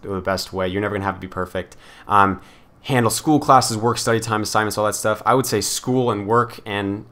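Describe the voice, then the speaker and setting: A man's voice: lowish voice, a bit bright. A young man casually answering viewer questions in a frank, rambling way, with lots of filler words. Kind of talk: casual Q&A vlog chat.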